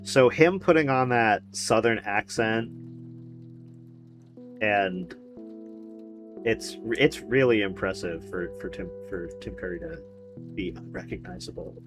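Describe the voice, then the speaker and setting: A man's voice: fairly low pitch, a little slow, pauses often, soft background music. A man streaming a video game, rambling and joking with casual commentary, swearing and laughing often. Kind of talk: casual let's-play commentary.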